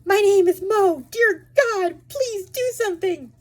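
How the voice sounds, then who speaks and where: Brief: a woman voicing a terrified young man from an audiobook-style reading, high and panicky, pleading. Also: sing-song, normal speed, darkish tone. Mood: panicked.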